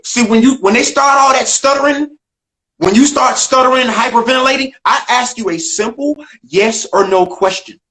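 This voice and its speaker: An older man, a stand-up comedian appearing as a guest in a video interview, tells an animated story at a moderate pace with a fairly bright tone. He's emphatic, acts out the dialogue, and swings his pitch widely, all in an echoey room.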